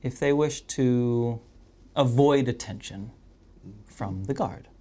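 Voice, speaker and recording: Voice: mid-range voice, warm tone. A game master narrating a tabletop game in a playful, chatty way. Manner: playful, chatty, quickly laughing.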